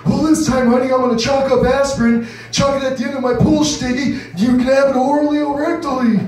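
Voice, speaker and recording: A man's voice: very high-pitched, brisk, voice pushed up. A man doing a bumbling eager old husband. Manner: raised, bumbling, excited voice. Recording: echoey room, distant mic.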